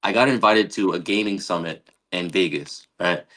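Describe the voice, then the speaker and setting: A man guesting on a live-streamed podcast, telling a casual story in an animated way, acting out what people said and swearing freely. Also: low-pitched, normal speed. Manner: animated, retells scenes with quoted dialogue, swears casually. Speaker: podcast guest, game creator.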